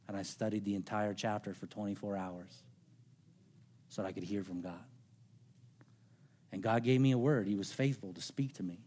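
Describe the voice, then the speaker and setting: A middle-aged male pastor preaching a sermon, telling a personal story with earnest, conversational delivery that drops to quiet, intimate tones. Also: lowish voice.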